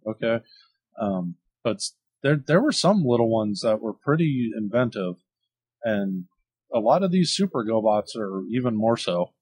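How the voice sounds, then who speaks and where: A man in casual chat about toys, explaining calmly and speaking softly. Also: on the low side, moderate pace, breathy edge.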